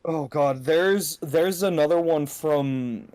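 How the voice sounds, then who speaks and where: A man in casual podcast chat, telling anecdotes in a relaxed, chatty way. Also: fairly high pitch, slow.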